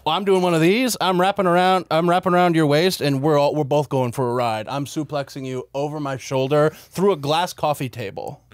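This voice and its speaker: A man chatting casually as a podcast guest, animated and acting out quoted voices with big jumps in pitch. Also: brisk, few pauses. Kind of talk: casual comedic chat.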